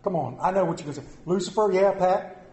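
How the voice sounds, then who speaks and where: A man preaching a lively sermon, telling stories with jokey asides. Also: high-pitched, quick pace, reverberant, low-quality recording. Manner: animated storytelling, jokey asides.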